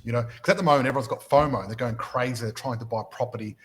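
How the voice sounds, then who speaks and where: Speaking rapid-fire in a mid-range voice, a man hosts a motivational podcast; he's also a property mentor. The recording is low quality, and he tells his stories with energy, repeatedly restarting sentences by doubling up on opening words.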